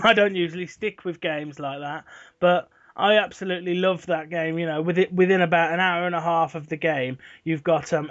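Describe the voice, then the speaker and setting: A man in his twenties hosting a casual gaming chat, retelling game moments in an animated, rambling way. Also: fairly high pitch. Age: 20s. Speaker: channel host. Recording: dull lo-fi recording.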